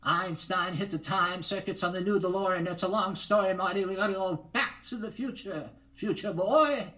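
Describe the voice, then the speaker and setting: Man doing an excitable old film scientist, urgent, higher than his own voice, lo-fi. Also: normal speed, distant mic. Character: frantic eccentric older male film scientist. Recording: dull lo-fi sound.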